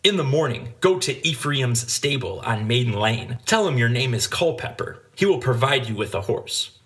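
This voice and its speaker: A man's voice: mid-range voice, expressive, moderate pace, fairly bright tone, close to an everyday voice. A man voicing a secretive male spy who gives terse, guarded instructions.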